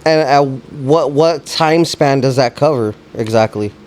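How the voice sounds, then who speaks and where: A man's voice: medium pitch, a little slow, a little mellow. A man in his thirties hosting a podcast, chiming in with short reactions and brief questions. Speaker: podcast host. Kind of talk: casual interview chat.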